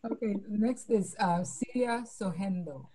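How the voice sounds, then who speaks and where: Woman webinar moderator, brisk, mid voice. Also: mid-range voice, dark tone, husky. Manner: brisk, keeps things moving. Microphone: video call.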